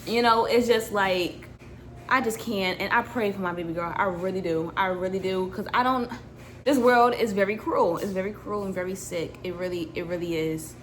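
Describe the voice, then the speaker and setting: A young adult woman vlogger chatting casually as she reacts to a video, telling a story in an animated, slangy way with lots of laughing. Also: mid-range voice, moderate pace, a little hiss or hum.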